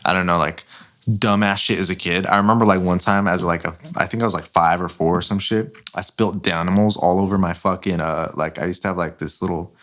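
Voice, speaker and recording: A man's voice: low-pitched, fairly even intonation, fairly quick, a bit bright. A young man hosting a podcast, casually telling stories full of profanity and filler words. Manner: rambling profane storytelling, heavy use of filler "like". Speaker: podcast host. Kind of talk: casual chat.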